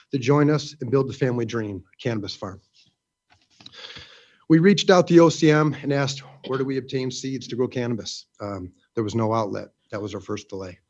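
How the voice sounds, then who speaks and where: An emotional farmer pleads his case at a hearing microphone, earnest and halting, filling pauses with "uh" and "um". His voice sits at a middle pitch for a man. The recording is dull and lo-fi. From Western New York. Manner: earnest, pleading, with many "uh" and "um" fillers. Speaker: cannabis farmer giving public comment. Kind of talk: prepared public comment at a hearing.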